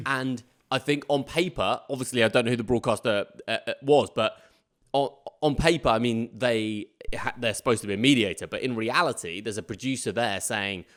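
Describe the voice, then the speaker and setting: A man's voice: mid-range voice, expressive, brisk, a bit bright. A man co-hosting a casual sports podcast, playing devil's advocate with a wry, teasing edge. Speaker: podcast co-host.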